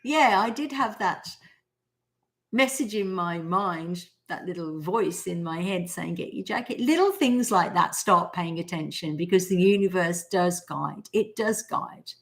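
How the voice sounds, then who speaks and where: A woman's voice: on the low side, expressive, a little slow, creaky. Australian woman, 40s, live-stream host, chatty storyteller. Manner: chatty storyteller who acts out quotes. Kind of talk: casual live-stream talk on manifesting.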